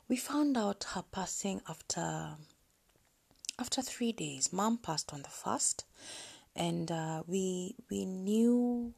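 Her voice fairly low, soft, and breathy, a woman almost whispers as she tells a personal story on her podcast. She proceeds hesitantly, breaking off into many pauses.

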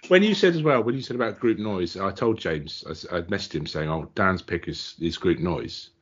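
A man with a low, slightly breathy voice speaks at a moderate pace, co-hosting a podcast. He tells stories in casual chat, animatedly acting out the quotes, and the audio is muffled and lo-fi.

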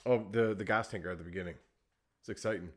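A man co-hosting a movie review podcast, easygoing and chatty, often agreeing with quick yeahs. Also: lowish voice, fairly even intonation, slightly rough. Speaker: podcast co-host. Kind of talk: casual movie review chat.

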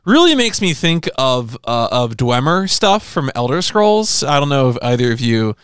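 This podcast co-host sounds very animated, his medium-pitched voice fairly bright, clear and resonant at a normal speed. He rambles through casual chat packed with fillers, captured at studio quality with no echo.

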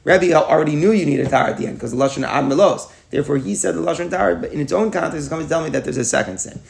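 Fast, gravelly Talmud teacher. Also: male voice, fairly high pitch. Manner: explains aloud with rhetorical questions, mixes Hebrew and Yiddish terms. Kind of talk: daily Talmud class lecture.

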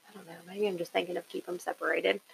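A woman co-hosting a podcast, chatting casually in an excitable, giggly way. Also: lowish voice, fast, creaky, breathy edge, low-quality recording. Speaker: podcast co-host.

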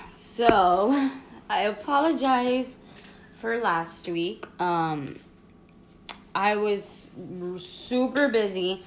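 A woman's voice: mid-range voice, extremely slow, roomy sound, a little hiss or hum. A woman hosting her own podcast in casual, rambling chat full of fillers, talking while she eats at home. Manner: chatty, rambling, many fillers and laughs. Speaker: podcast host.

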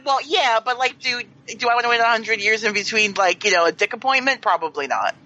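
Playful, bold female co-host, bright tone, muffled recording. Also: fairly high pitch, lively intonation, brisk. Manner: playful, self-deprecating, bold. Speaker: podcast co-host. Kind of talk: casual chat.

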